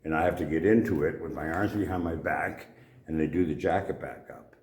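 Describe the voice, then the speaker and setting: An older Canadian actor, a guest at an indoor convention, tells gruff, profane anecdotes in a brisk, slightly mellow bass voice. He swears casually and laughs at his own stories, and the convention room sounds echoey.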